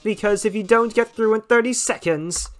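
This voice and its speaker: A man voicing a flamboyant male robot TV star with a theatrical, drawn-out, mock-tragic delivery. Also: high voice, voice pushed up, close to an everyday voice.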